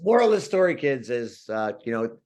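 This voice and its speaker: A man's voice: mid-range voice, big pitch swings, fairly quick, darkish tone. A man chatting casually and adding wry comments. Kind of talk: casual chat.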